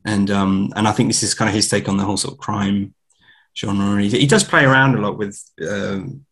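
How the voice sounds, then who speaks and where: A man's voice: fairly low pitch, fairly even intonation, normal speed, fairly bright tone, husky. A man, a podcast guest, telling rambling anecdotes in a casual film chat.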